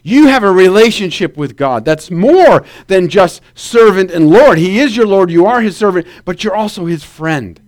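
A man preaches with a notably high voice, leaning into vivid storytelling. He keeps asking his listeners to say amen as he goes. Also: normal speed, few pauses. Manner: animated storytelling with calls for amen. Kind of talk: sermon.

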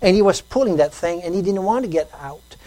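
A woman preaching a sermon, telling a story, repeating phrases and swinging between loud emphasis and quiet talk. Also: lowish voice, animated, a little fast, heavy background noise.

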